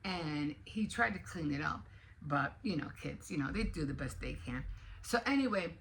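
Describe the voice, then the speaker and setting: Older American woman, casual vlog chatter, bright tone, faint room hum behind. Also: sits low, normal speed, vocal fry. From United States. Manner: rambling, animated, rising to indignant. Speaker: vlogger. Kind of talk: casual morning chat to camera.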